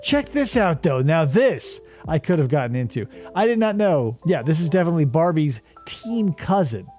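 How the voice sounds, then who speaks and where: A man with a slightly high voice that rises and falls widely as he jokes and swears through a casual livestream. Faint background music plays behind him. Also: big pitch swings, normal speed, darkish tone. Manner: jokey, profane, does mocking voices. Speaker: streamer host.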